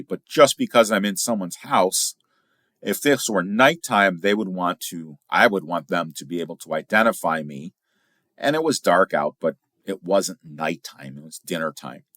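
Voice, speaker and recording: A middle-aged man from Illinois with a low, deep voice, hosting a casual storytelling podcast. He talks in a chatty, animated way and throws his pitch up high to stress a point. The sound is dry and close, with no room echo. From Illinois, USA. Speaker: podcast host, firearms instructor.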